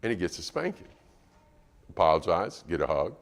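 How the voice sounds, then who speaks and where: Lively low-voiced preacher in reverberant church. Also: male voice, normal speed. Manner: animated, acts out parent and child dialogue. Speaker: guest preacher. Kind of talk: sermon. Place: church auditorium. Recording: long church hall reverb.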